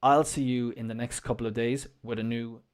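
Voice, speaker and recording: A man's voice: medium pitch, steady tone, brisk. Encouraging male English teacher. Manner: encouraging, conversational, with fillers. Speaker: English teacher and show host. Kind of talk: casual online English lesson. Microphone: desk mic, wearing headphones at first.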